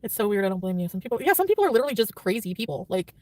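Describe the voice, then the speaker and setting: A woman's voice: mid-range voice, big pitch swings, very fast, dark tone, no room sound. A woman vlogger chatting casually, rambling and defensive, laughing often. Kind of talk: casual vlog chat.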